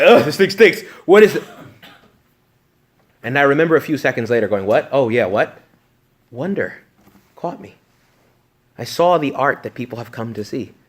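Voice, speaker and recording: A man, a priest, giving a retreat talk to young adults, joking and animated one moment and hushed the next. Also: mid-range voice.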